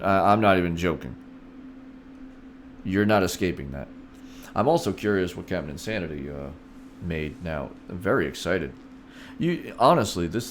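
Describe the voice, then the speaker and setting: Deep-voiced man in playful stream chat. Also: slight background noise. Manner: playful and theatrical, talks straight to his chat. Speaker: streamer playing a king persona. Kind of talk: casual live-stream chat.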